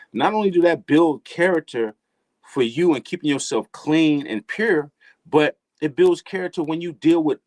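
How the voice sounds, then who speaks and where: There's no room sound around this middle-aged man's fairly high voice. As a guest giving a casual motivational talk, he preaches emphatically in street slang and leans on repeated phrases to drive points home.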